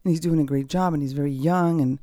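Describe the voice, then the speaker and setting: A woman's voice: sits low, quick pace, dark tone, no echo. A woman hosting a personal podcast from home, talking candidly in a rambling, reflective way with many fillers and restarts. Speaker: podcast host. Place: at home, dogs nearby.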